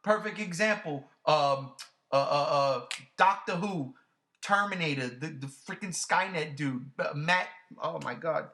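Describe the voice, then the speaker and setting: A man's voice: on the high side, unhurried, bright, forceful tone. A man reviewing a movie in casual chat, ranting animatedly and swearing freely.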